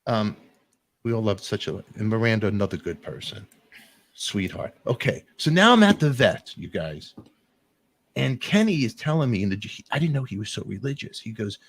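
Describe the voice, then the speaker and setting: A man hosting a talk show, telling an emotional story in a rambling, animated way with sudden jumps in pitch. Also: normal speed. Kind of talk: emotional casual monologue.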